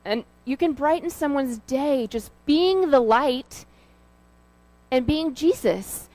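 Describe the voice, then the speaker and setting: A woman's voice: high voice, darkish tone, no echo, poor audio. A woman giving an informal sermon, talking in a conversational, storytelling way with fillers and asides. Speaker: lay preacher.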